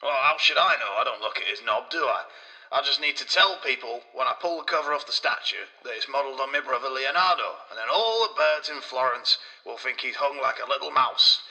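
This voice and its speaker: A man's voice: mid-range voice, expressive, brisk, sharp tone, low-quality recording. A man voicing a crude, boastful Renaissance sculptor in a comedy podcast sketch.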